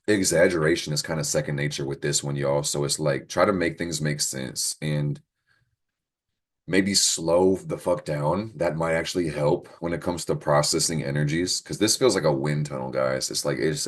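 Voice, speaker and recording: A young man hosting a casual astrology show, joking, swearing freely and laughing often, recorded on a computer call. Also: very deep voice. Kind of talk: casual weekly astrology talk. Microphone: computer mic on a screen-recorded call.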